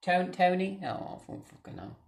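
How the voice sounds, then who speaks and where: A young woman, vlogging at home. She swears constantly and swings between low mutters and angry shouting. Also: sing-song, normal speed, gravelly. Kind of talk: casual vlog rant. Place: home, indoors.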